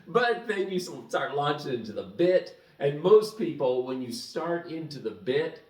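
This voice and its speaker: A man spins a casual story for his viewers in a rather high voice that swings up and down a lot, chuckling between his sentences. The sound is roomy and echoing, with the mic set a little way off from him. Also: big pitch swings, measured pace, a little mellow. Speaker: vlogger. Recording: echoey room, mic at a distance.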